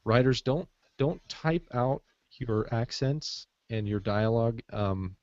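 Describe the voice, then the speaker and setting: A man's voice: mid-range voice, animated, slow pace, a little mellow, dry recording. A man co-hosting a casual podcast chat, rambling with frequent fillers, heard over muffled call audio. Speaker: podcast co-host.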